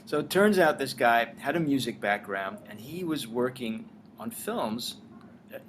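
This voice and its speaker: In a casual interview in Los Angeles, an older writer-director who used to sing animatedly recounts his career, performing the quoted dialogue. His voice is mid-range and measured, set against a noisy background.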